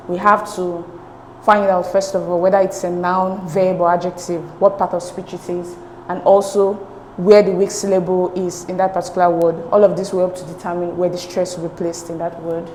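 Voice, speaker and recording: A woman's voice: lowish voice, a little mellow. Patient woman tutor in an echoey room. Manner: patient, step-by-step, checks with "okay?". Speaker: English exam tutor. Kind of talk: explaining exam answers. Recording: echoey room with faint noise.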